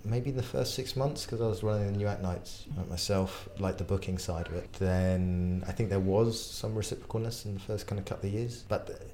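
A man, a comedy promoter, telling stories and joking in a relaxed interview. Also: fairly low pitch, fairly quick, hardly any pauses, slight background noise. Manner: jokey, laid-back storyteller. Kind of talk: casual interview chat.

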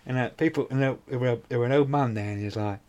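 A man's voice: medium pitch, fast talker, darkish tone. A man co-hosting a podcast, telling rambling stories full of swearing and acted-out dialogue. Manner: rambling anecdotes, heavy swearing, acts out dialogue. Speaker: podcast co-host. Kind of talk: casual chat.

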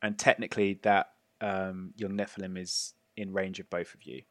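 This game master speaks at normal speed in a low-pitched voice with little pitch movement, yet narrates the tabletop game's gory action gleefully, with plenty of fillers and laughs. The recording is dry.

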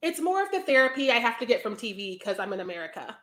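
A woman's voice: fairly high pitch, sing-song, fast, a bit bright. A woman co-hosting a podcast in casual chat, playful and candid, laughing often. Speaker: podcast co-host.

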